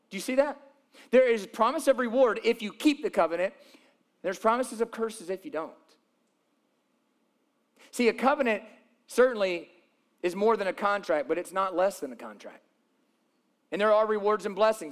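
A man's voice: sits high, lively intonation, moderate pace, pauses often. A man preaching a sermon, reading scripture aloud and explaining it with emphatic repetition of key phrases. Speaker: pastor.

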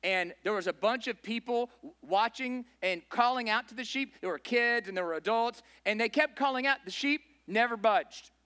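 A man with a high, bright voice delivers a sermon in a church in a relaxed, conversational way. He keeps asking the congregation questions and tags his points with "right?" as he works through the text. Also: normal speed, hardly any pauses. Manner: informal, asks the congregation questions, says "right?" often. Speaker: pastor.

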